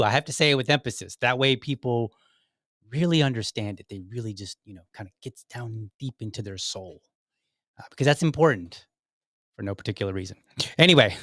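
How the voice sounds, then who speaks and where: A man's voice: medium pitch, fairly bright tone, dry recording, studio quality. A middle-aged man hosting a political podcast in a casual, joking, rambling way, with self-mocking asides. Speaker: podcast host.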